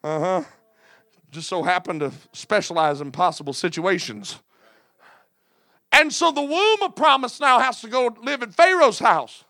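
Man, preacher, sermon, very high voice, fervent preaching rhythm with "uh" fillers, folksy asides, dry close sound. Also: bright, forceful tone, dry recording. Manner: impassioned preaching cadence punctuated by "uh"; folksy, plain-spoken asides.

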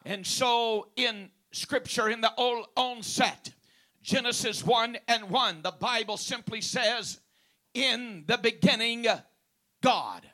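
A man's voice: very high voice, slow, pushed and bright. A man preaching a sermon, stressing key words by drawing them out and punctuating his points with praise and amens.

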